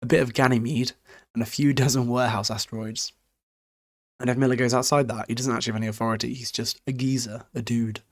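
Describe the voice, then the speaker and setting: A man's voice: mid-range voice, level tone, quick pace. A young British man casually recapping a book chapter for a podcast, rambling and swearing freely with frequent chuckles. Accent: British English.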